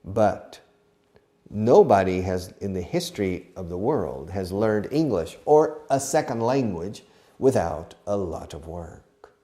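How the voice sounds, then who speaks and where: Male English teacher, low-ish mellow voice, animated, digressive classroom patter with Spanish asides. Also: takes it slowly. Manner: chatty, digressive, asks and answers his own questions. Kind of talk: filmed English lesson for Spanish speakers. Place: filming studio with a camera operator.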